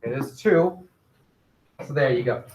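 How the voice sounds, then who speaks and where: A male teacher giving a classroom math lesson, gently directing students and quizzing them with questions. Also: mid-range voice, a little slow. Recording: echoey classroom.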